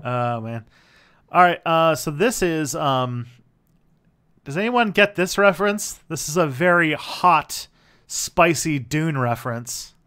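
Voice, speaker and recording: A man's voice: on the high side, lively intonation, takes it slowly, sharp tone, clear, resonant tone. A man hosting a casual livestream, commenting on his own old videos in a loose, rambling way. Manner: rambling, with many fillers and restarts. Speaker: channel host.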